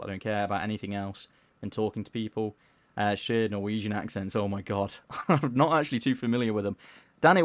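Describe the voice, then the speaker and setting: Laid back guy on a game stream, lowish voice, dry close sound, kinda stumbly. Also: dry recording. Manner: mellowed out, low-key; stumbles over words while playing. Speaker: gaming streamer. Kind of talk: casual live-stream chat, reading chat aloud.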